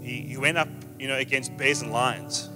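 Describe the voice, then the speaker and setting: A mid-range male preacher addresses a live church congregation with emphatic energy, then eases into soft, drawn-out phrases. The sound is reverberant, as in a hall, with gentle guitar playing behind him.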